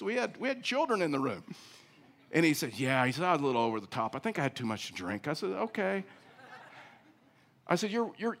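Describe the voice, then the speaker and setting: Storytelling male pastor, somewhat high voice. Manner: storytelling with big swings in pitch and loudness. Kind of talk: sermon.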